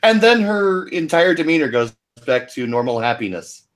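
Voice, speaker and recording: A man's voice: a little high, sing-song, moderate pace. A man narrating his character's actions in a tabletop game, in an easygoing way. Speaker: player.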